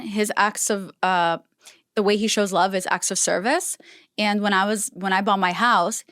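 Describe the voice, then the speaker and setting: A woman's voice: mid-range voice, fairly bright tone, dry recording. Storytelling woman, dry close sound. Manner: storytelling, acting out quoted dialogue. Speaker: podcast guest. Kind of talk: casual interview chat.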